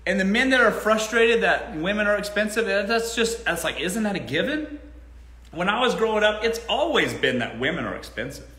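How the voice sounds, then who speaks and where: A man's voice: high-pitched, very animated, brisk, sharp tone. A man hosting a casual live Q&A, talking bluntly and swearing freely. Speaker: host. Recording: roomy echo.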